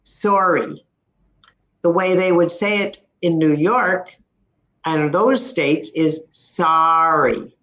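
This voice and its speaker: A woman with an Ontario Canadian accent explaining pronunciation in a casual chat, slowly demonstrating words. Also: fairly low pitch, reverberant. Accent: Ontario Canadian English. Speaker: speech-language pathologist guest.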